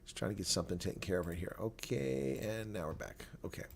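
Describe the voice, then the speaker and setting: A man's voice: lowish voice, lively intonation, fast talker, gravelly, slight background noise. A man hosting a casual live rugby watch-along, chatting loosely, laughing often and reading viewer comments aloud.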